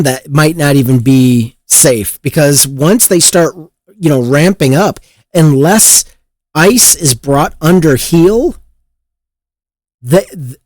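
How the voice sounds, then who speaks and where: A man's voice: a little high, darkish tone, no echo. Heated, profane male political commentator. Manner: heated, profane, mocking voices.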